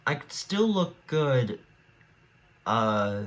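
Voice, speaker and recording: A man's voice: mid-range voice, sing-song, extremely slow. A teenage boy in casual solo commentary, rambling and thinking aloud with frequent restarts as he weighs each choice. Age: teens. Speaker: YouTuber.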